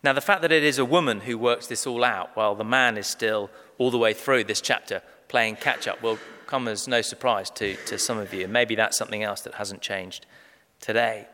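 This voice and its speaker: A man preaching a sermon, measured and emphatic, slowing down to stress key phrases. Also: fairly low pitch, pushed and bright. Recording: long reverb of a large hall.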